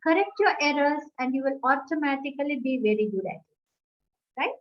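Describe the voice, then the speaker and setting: High-voiced woman coaching on lo-fi audio. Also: lively intonation, normal speed. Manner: emphatic, coaching, uses "right?" tags. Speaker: webinar co-host, English trainer. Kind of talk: casual educational talk. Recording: dull lo-fi audio.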